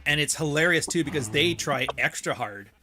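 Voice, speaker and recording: A man's voice: on the high side, animated, moderate pace, background noise. A man from Canada in casual podcast chat, riffing and joking with frequent restarts.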